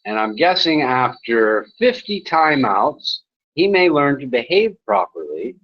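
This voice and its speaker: A man's voice: mid-range voice, sing-song, a little slow. A man hosting an online chat, talking casually, laughing often and mocking a troublemaker in crude language. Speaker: chat room host. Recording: dull lo-fi sound.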